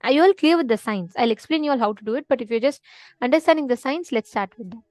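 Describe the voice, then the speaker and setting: A woman's voice: on the high side, animated, fast talker, a little mellow, no echo. A woman leading a live online spiritual teaching session, explaining step by step and often asking if listeners follow. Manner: explanatory, often checking understanding with "correct?".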